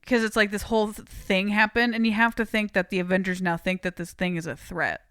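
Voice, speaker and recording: A woman with a clear, smooth voice co-hosts a relaxed movie podcast. She is chatty and opinionated as she trades views with her co-host. The recording is close and dry. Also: mid-range voice, fairly quick, no room sound. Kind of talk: casual movie discussion.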